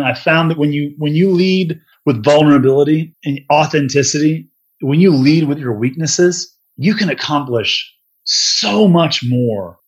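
A man's voice: medium pitch, breathy edge, low-quality recording. A middle-aged man, a venture investor, telling his story in a loose, candid interview, sprinkling in "dude" and "man".

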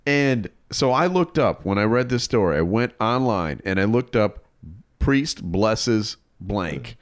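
A man co-hosting a casual podcast, telling stories and joking with animated outbursts. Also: medium pitch, normal speed, dry recording, clean studio sound. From Chicago area, Illinois. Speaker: co-host.

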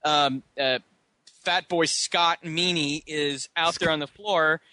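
Bright, dry-voiced man recapping a movie. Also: steady tone, takes it slowly, no echo. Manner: recaps plots, acting out characters in high silly voices. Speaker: podcast co-host. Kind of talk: casual movie podcast chat.

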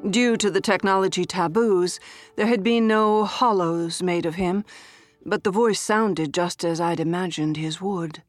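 A woman narrating a first-person story in a measured, expressive way. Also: lowish voice, no echo. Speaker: audiobook narrator.

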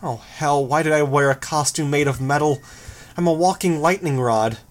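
A man voicing a nervous young woman hero in metal armor, speaking quietly and shakily in a raised voice. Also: on the high side, normal speed, natural voice. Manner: shaky, quiet, fretful.

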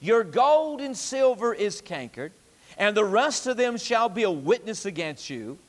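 A man preaching a sermon with a high, ringing voice and a drumming, repetitive cadence. His words hang in the long reverb of a church sanctuary. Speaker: pastor.

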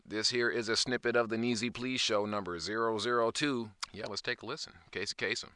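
A man's voice: on the low side, steady tone, brisk, bright, forceful tone, smooth, dry recording, studio quality. Laid-back, slangy man hosting a podcast. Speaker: podcast host. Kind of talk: casual podcast monologue.

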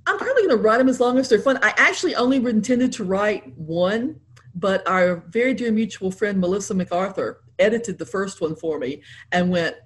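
A woman author, cheerful and quick to laugh, reading her work aloud and chatting in an interview. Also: medium pitch, husky.

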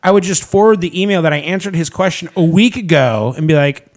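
A man in casual podcast chat who swears freely and tells animated stories, acting out what other people said. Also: a little high, quick pace. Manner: profane, animated storytelling with acted-out quotes. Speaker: podcast guest, nonprofit founder.

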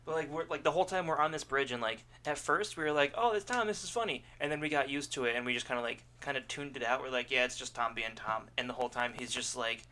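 Quick chatty guy hosting a podcast, bright voice, laughs easy. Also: mid-range voice, fairly even intonation. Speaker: podcast host. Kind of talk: casual podcast chat.

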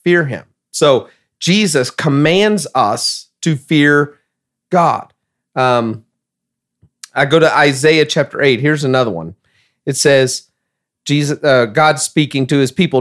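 A man's voice: a little high, slow pace, fairly bright tone. A man who is a pastor, talking emphatically in a casual podcast discussion and reading scripture passages aloud.

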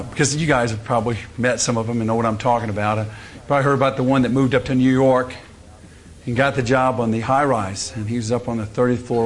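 Folksy preacher man. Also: medium pitch. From Louisiana, US. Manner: folksy storytelling with fillers. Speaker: conference speaker. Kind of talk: humorous sermon talk.

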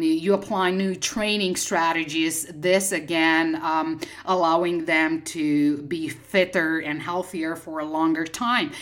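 A woman speaking as a business coach, giving direct, emphatic advice to a listener. Her voice sits a little low for a woman, and she keeps checking in with "okay?" as she stresses her points. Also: fairly bright tone.

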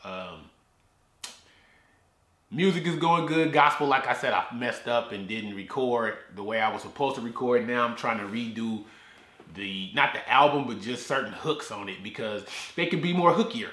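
Recorded in an echoey garage, a man hosts his own casual solo podcast, rambling loosely and stumbling over and repeating words. His mid-range voice has a bright edge, and he speaks animatedly at normal speed.

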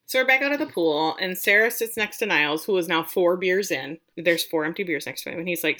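A woman co-hosting a casual chat, retelling a film plot in a relaxed, chatty way. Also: fairly low pitch, fairly quick, few pauses.

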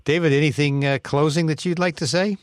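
A man's voice: a little high, fairly even intonation, fairly quick, no room sound, clean studio sound. Man hosting a podcast wrap-up. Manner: friendly, running through plugs and handing off. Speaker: podcast host. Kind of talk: casual podcast outro.

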